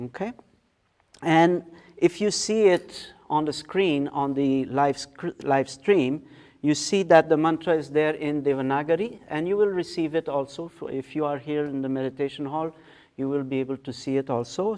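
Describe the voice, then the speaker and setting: A man teaching in a meditation hall, patiently explaining how to pronounce a mantra step by step and chanting its words slowly. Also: fairly high pitch, a little mellow. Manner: patient, explains step by step, often checks in with "okay?". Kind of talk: guided mantra pronunciation lesson.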